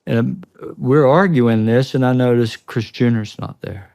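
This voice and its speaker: Male podcast guest, low fry-edged voice, dry studio sound, tense and earnest retelling. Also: unhurried, a little mellow, dry recording. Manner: earnest, tense storytelling, breaks off and restarts. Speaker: interview guest. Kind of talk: recounting a personal experience in a podcast interview. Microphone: studio podcast mic.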